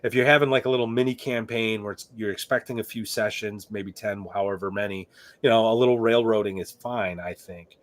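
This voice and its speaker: Male podcast co-host, relaxed, chatty and a little teasing. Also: fairly low pitch, brisk. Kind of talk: casual chat.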